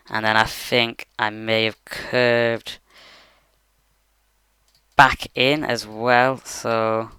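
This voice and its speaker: A man narrates a game-building tutorial at his bedroom desk, loose and rambling with plenty of fillers. His voice is very clean and crisp, with a bright edge. The recording is dry and close, with no room sound. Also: medium pitch, no echo. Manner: rambling, many fillers like "you know" and "like". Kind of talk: casual screen-recorded tutorial.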